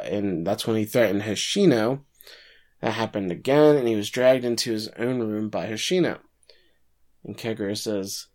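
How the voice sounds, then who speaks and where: A man co-hosting a casual podcast, recapping plot events at length and breaking in with quick quips. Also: on the low side. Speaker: podcast co-host recapping an anime episode. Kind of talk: casual chat.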